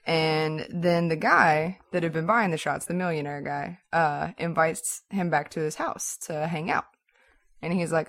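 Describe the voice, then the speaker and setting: Woman telling a story, lower voice. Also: a little slow. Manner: animated, with lots of "like" and "so". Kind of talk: casual storytelling chat.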